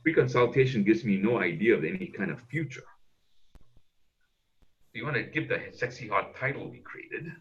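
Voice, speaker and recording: A man's voice: fairly low pitch, animated, normal speed, pauses often, fairly bright tone, dull audio. A man coaching on a video call as a speaker trainer, emphatic and repeating words to push his points.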